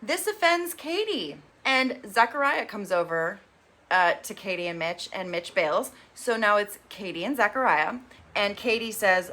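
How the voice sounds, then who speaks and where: A young woman hosts a casual TV recap in a bright, clear voice. She is chatty and sarcastic, and she slips into quick impressions of the people she quotes. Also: medium pitch, animated. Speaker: recap host.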